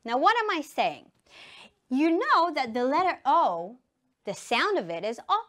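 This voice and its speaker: A woman with an Israeli accent, an English teacher giving a slow, emphatic lesson to young children and enunciating words for them to repeat. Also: sits high, big pitch swings, a bit bright. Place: studio.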